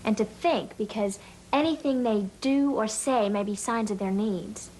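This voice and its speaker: An actress playing an earnest young video store clerk in a corporate training video. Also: female voice, medium pitch, a little slow, darkish tone, a little hiss or hum, close to an everyday voice. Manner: earnest, eager, scripted.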